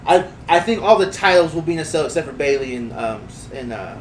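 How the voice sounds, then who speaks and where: A man's voice: a little high, lively intonation, fast talker. A man co-hosting a podcast in casual chat, laid-back and laughing easily as he leads the segments. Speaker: podcast co-host. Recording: roomy echo, distant mic, faint noise.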